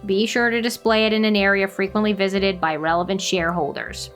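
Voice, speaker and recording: A woman voicing a stiff, formal male businessman who speaks in a flat, monotonous corporate tone. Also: medium pitch, brisk, soft background music, voice pushed down, close to an everyday voice.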